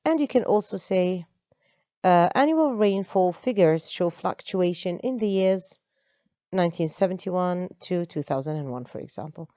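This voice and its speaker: A woman's voice: fairly low pitch, dark tone, no room sound. A woman, an English teacher explaining step by step in an online lesson. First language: Arabic.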